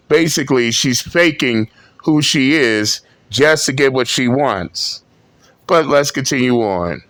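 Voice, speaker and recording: A man hosting reaction commentary in a blunt, mocking, deliberate way. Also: medium pitch, animated, fairly bright tone, dry recording. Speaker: commentary host.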